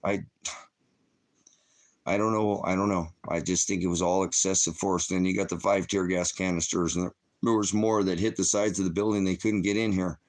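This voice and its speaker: A man's voice: sits low, fairly even intonation, moderate pace. A distraught middle-aged man hosting his own channel, talking unscripted as a father and rambling, swearing often as he goes. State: shaken and upset. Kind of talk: emotional unscripted vlog monologue.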